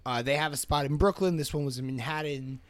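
A man's voice: fairly high pitch, fast talker, no echo. A young man hosting a podcast, talking in a loose, blunt way with lots of fillers. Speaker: podcast host, restaurant owner. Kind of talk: casual podcast chat.

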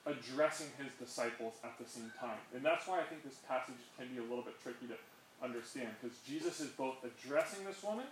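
A man's voice: mid-range voice, a little fast. A man giving an informal Bible study to a small group, chatty and full of "right?" asides. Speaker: Bible teacher. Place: room with a small group of listeners. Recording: echoey room with faint background noise.

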